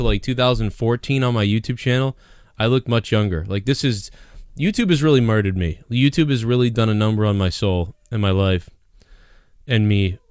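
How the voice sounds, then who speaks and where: A man's voice: medium pitch, clear, resonant tone, no echo, studio quality. A man hosting a live call-in stream in casual, rambling chat, laughing often and repeating himself. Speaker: host of a live call-in show.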